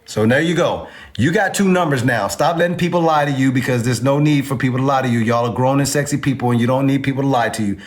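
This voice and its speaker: A man's voice: mid-range voice, fast talker, hardly any pauses. Emphatic man teaching crypto charts. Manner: emphatic, repeats numbers, asks the audience to agree. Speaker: crypto trading instructor. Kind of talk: informal chart walkthrough lesson.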